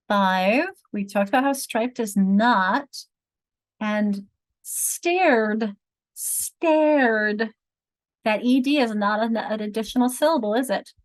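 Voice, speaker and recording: A woman's voice: a little high, dry recording, low-quality recording. A woman leading a teacher-training session on reading, explaining patiently and checking in with rhetorical questions. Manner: explanatory, counts words aloud and asks rhetorical checks. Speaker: literacy trainer.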